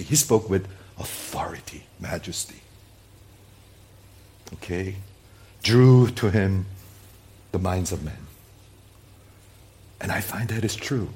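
A man preaching from the pulpit in a fairly low voice that leaps up and down with feeling. He hammers his points with rhetorical questions and calls out to his listeners directly, then lets his phrases sink into quiet, low endings. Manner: emphatic, piles up rhetorical questions, swings from loud peaks to quiet low endings; addresses listeners directly as "people". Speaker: pastor. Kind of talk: sermon.

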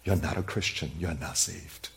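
Man preaching with loud-to-hushed swings. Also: deep voice, moderate pace, creaky. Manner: swings from loud emphasis to hushed, near-whispered asides; conversational, speaks straight to the congregation with questions. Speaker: pastor. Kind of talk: sermon.

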